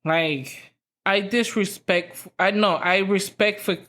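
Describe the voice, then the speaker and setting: A woman's voice: mid-range voice, steady tone, slow pace, a bit bright. A young adult woman hosting a podcast, telling a story in a casual, profane, rambling way full of fillers. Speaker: podcast host.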